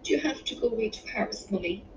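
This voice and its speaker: A woman voicing a solemn, pleading little girl in a high, plaintive voice. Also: lively intonation, quick pace, background noise, natural voice. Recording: distant roomy dull-sounding recording.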